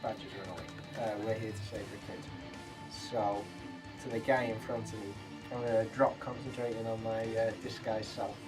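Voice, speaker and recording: A man playing a tabletop game, talking in a halting way with many fillers. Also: on the low side, flat delivery, over music. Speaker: player. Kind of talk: casual tabletop game play. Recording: distant from the mic.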